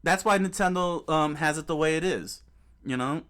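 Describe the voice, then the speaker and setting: A man hosts his gaming channel in loose, casual commentary, hammering his points home by repeating them. He restarts sentences and fills gaps with fillers as he goes. His voice sits a bit higher than most men's. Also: normal speed, a bit bright. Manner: emphatic and repetitive, with many restarts and fillers. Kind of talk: casual commentary while browsing clips.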